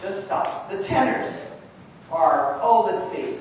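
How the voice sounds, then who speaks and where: A woman's voice: medium pitch, takes it slowly. Distant woman coaching in an echoing hall. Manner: energetic, chatty, coaching with frequent asides. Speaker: choral clinician leading a workshop. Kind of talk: live workshop instruction to choir directors. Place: large conference hall. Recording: distant voice in a big echoing hall with room noise.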